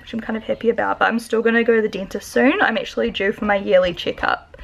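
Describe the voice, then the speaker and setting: Chatty young New woman, gravelly. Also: a little high, fairly even intonation, quick pace, slight background noise. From New Zealand. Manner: chatty, lots of "like" fillers, talks to her dog. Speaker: vlogger. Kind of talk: casual daily vlog chat. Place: home, indoors.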